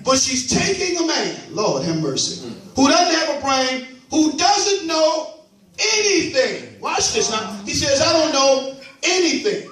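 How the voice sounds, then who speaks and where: Animated preacher, high voice, echoey church. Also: male voice, unhurried. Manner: animated call-and-response preaching, repeats "watch this". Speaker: pastor. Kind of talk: preaching sermon. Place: church sanctuary. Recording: echoey church hall from far off.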